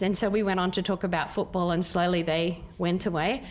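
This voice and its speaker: An Australian woman in her forties giving a public talk as a peace worker, telling her story in a measured, earnest way with thoughtful pauses. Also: on the low side, fairly even intonation.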